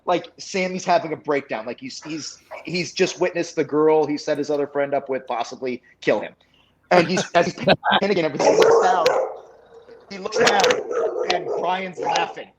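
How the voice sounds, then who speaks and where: A young man telling an animated story on a casual podcast, acting out the quotes of the people in it. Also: medium pitch, brisk, muffled recording. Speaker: guest, wrestling announcer.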